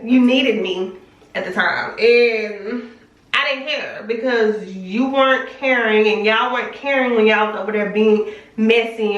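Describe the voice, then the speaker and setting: A woman's voice: fairly high pitch, fairly bright tone, muffled recording. Young woman vlogging her testimony, chatty, lots of "like", a bit far from the mic, echoey. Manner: candid, emotional, chatty with many "like" fillers. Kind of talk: casual storytelling testimony. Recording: roomy echo, speaking from off the mic.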